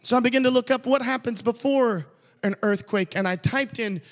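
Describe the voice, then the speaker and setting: A man preaching in a church, his voice very high for a man and carried by a long reverb. He tells stories conversationally, then rises to shouted emphasis on key points. An evangelist delivering a sermon. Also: normal speed. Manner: storytelling, rising to shouted emphasis. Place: church sanctuary.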